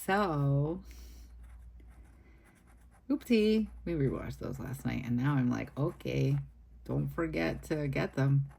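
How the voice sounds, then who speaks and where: With an extremely low, darkish voice marked by vocal fry, a woman talks a little slowly as she arranges her weekly planner. Sitting at her home desk, she chats rambling and upbeat to a camera set low on the desk in plan-with-me style.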